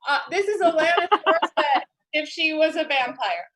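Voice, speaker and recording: A woman's voice: high voice, animated, normal speed, a bit bright. A young woman doing playful stand-up over a video call, laughing at her own jokes. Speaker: comedian.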